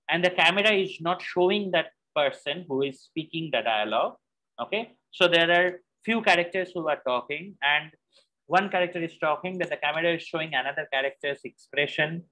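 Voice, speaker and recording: A man's voice: a little high, bright, forceful tone, rough recording. A man teaching a screenwriting class, explaining step by step and often checking in with "okay?" and "right?" as he restarts and repeats phrases. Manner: repeats and restarts phrases while thinking aloud. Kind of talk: classroom lecture.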